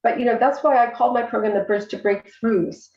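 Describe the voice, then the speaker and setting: A woman's voice: a little high, fairly even intonation, a little fast, dull audio. Earnest woman in an echoey room. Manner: earnest, candid, fillers like "you know". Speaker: guest, coach for abuse survivors. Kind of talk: casual podcast conversation.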